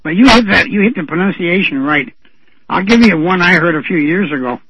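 A man's voice: high-pitched, lively intonation, brisk, noisy background. A man chatting on a radio show who tells rambling stories with chuckles. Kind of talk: casual radio talk. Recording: dry, dull lo-fi radio sound.

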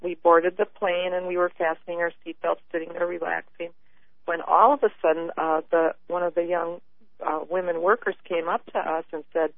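A woman calling in to a radio show, telling her story earnestly in halting bursts with many restarts. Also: on the low side, flat delivery, dry recording. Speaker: caller. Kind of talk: call-in radio chat. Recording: tinny phone line.

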